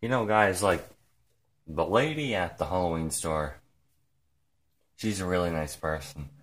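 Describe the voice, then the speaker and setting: Slow, low-voiced man rambling excitedly. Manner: rambling, heavy use of "like" and "frickin'"; excited and emotional, close to tears. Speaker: vlogger. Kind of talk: casual vlog talk.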